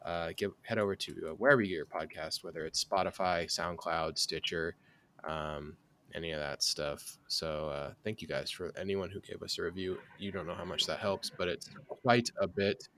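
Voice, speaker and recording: A man's voice: low voice, steady tone, moderate pace, a bit bright. A man hosting a sports podcast, chatting casually with rambling, self-deprecating asides and many fillers. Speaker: podcast host. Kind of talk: casual sports chat and sponsor read.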